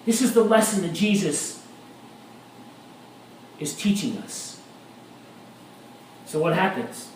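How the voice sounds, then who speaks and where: A man preaching a sermon as a pastor, animated and rising to shouts at times. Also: high voice, takes it slowly, long pauses, a little hiss or hum. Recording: echoey room, mic at a distance.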